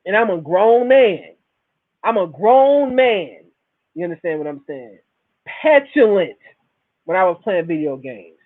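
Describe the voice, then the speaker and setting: Animated man ranting over a tinny line. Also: sits high. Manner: animated, repetitive, profane storytelling. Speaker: podcast host. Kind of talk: casual monologue. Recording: tinny phone-like recording.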